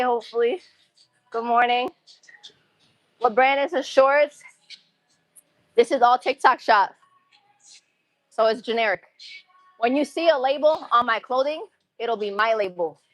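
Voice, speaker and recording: A woman's voice: on the high side, a bit bright, no room sound. Woman, casual livestream chat, rambling, slangy, dry close sound, gym. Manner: chatty, rambling, laid-back slang. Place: gym, between exercise sets.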